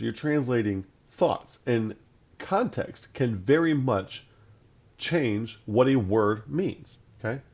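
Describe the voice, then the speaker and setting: A man with a low, mellow voice gives a Bible lesson in a plain conversational way. He leans hard on his points, saying key phrases again and again to drive them home. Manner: emphatic, conversational, repeats points for stress. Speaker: Bible teacher.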